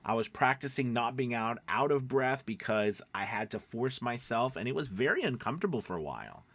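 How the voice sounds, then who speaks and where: A man's voice: medium pitch, big pitch swings, brisk, fairly bright tone, no room sound. A man teaching voice acting in a casual, rambling spoken lesson full of fillers and restarts. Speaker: voice acting coach.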